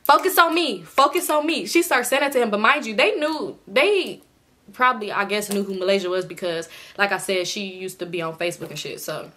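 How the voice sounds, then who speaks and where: A woman from the Los Angeles area telling a storytime in a profane, animated way, often laughing as she talks. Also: medium pitch, fairly quick. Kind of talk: casual storytime.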